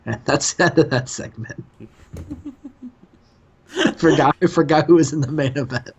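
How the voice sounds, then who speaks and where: A man's voice: a little high, moderate pace, slightly rough. A man hosting a casual gaming commentary, joking and acting out characters as he plays. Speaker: host. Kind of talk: casual let's-play commentary. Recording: dull lo-fi mic.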